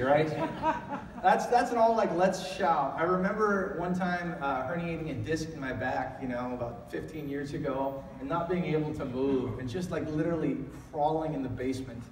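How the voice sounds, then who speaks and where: A man's voice: a little high, moderate pace, far from the mic, a little hiss or hum. Conversational middle-aged man preaching in a hall. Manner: conversational, storytelling, with rising emphatic calls. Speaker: pastor. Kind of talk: sermon. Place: church sanctuary.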